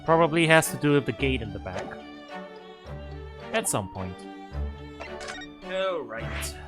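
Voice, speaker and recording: A man's voice: medium pitch, expressive, moderate pace, over music. A man streaming a game, chatting casually and laughing often, poking fun at himself as he reads along. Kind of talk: casual gameplay commentary.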